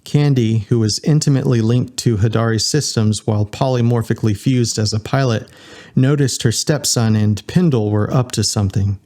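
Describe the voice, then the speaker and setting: A man reading a science fiction audiobook as its narrator, in an even storytelling delivery. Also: medium pitch, moderate pace. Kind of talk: scripted narration.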